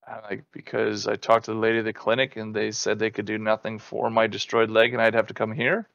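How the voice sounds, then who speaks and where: A man's voice: on the low side, a little fast, vocal fry, no room sound, dull audio. A man in his thirties co-hosting a casual podcast chat, telling stories with lots of swearing and acting out what people said. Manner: animated storyteller, swears freely, acts out quotes. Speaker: podcast co-host.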